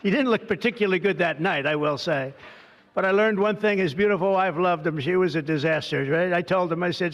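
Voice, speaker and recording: Older male speaker, off-the-cuff political address, boastful and digressive, fairly high voice, long hall reverb. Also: brisk, highs cut off. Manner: boastful, digressive, heavy superlatives. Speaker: president giving a speech. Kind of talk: rambling off-the-cuff political speech. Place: large hall at a signing event.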